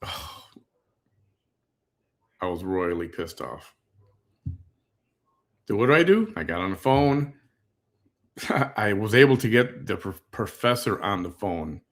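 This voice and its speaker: Middle-aged man as reaction host, low voice, blunt and indignant. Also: sing-song, takes it slowly, long pauses. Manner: blunt and indignant, tells stories. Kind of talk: casual reaction commentary.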